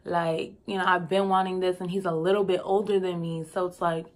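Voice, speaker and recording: A woman's voice: fairly low pitch, fairly quick. Chatty young woman telling a story. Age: young adult. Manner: chatty, expressive, slangy, laughs often. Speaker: vlogger. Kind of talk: casual storytime.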